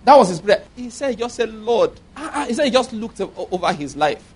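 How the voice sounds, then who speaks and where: A man's voice: high-pitched, very animated, quick pace, husky. A man in his fifties preaching a sermon with emphasis, repeating his points and checking that listeners follow.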